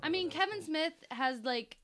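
A woman with a fairly high, lively voice co-hosts a casual chat. She is chatty and giggly, her pitch swinging widely as she talks. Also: moderate pace. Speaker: co-host.

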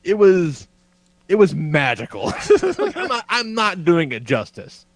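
A man's voice: high voice, big pitch swings, a little slow. A man co-hosting a podcast, telling a story with profanity and frequent laughter. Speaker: podcast co-host. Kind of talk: animated storytelling.

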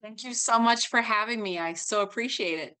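A woman's voice: on the high side, brisk, pushed and bright. A middle-aged woman, a guest actress, telling her story in an earnest, heartfelt way during a casual interview.

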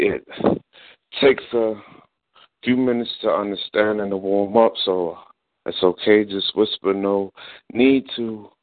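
A man performing slow, sensual spoken word poetry in a hushed, unhurried voice. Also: dry recording. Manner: low, hushed, unhurried delivery. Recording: dry phone-line audio.

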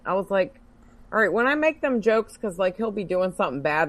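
A woman's voice: mid-range voice, lively intonation, brisk. A woman co-hosting a podcast, chatting casually with a sarcastic, swearing, laugh-prone manner. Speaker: podcast co-host. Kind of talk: casual chat.

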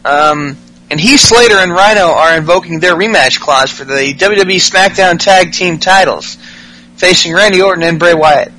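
A man's voice: high-pitched, normal speed, bright, forceful tone, poor audio. A man hosting a podcast, recapping wrestling in a crude, jokey way and mocking wrestlers with put-on voices. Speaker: podcast host.

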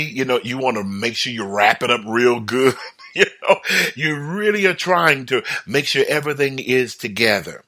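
Animated man, bright lively voice. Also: medium pitch. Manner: animated, acts out everyday quotes, chuckles often. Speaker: broadcast speaker. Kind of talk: reflective motivational talk.

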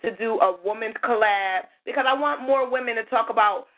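A woman hosting a call-in radio show, chatty and lively, thanking callers and a little hoarse from losing her voice. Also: fairly high pitch, brisk. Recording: tinny phone-line audio.

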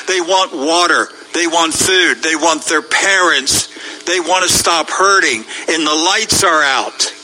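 A man's voice: a little high, takes it slowly, bright, forceful tone, rough recording. A man hosting a talk show, commenting emphatically on news clips and rising into pleading, preachy outbursts. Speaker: show host.

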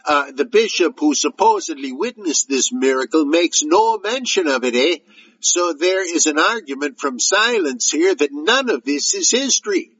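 A man reading a listener's letter in a put-on joking Canadian accent, adding "eh" to his sentences, with a husky voice. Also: a little high, fairly bright tone, muffled recording, voice pushed up, exaggerated voice. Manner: tacks on "eh" to sentences.

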